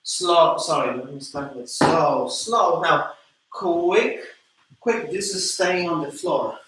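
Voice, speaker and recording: Male dance instructor, slow coaxing delivery, mic far off. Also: on the high side, heavy background noise. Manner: counts beats aloud, coaxing and encouraging. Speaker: dance teacher. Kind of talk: live online dance class. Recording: echoey room, from a distance.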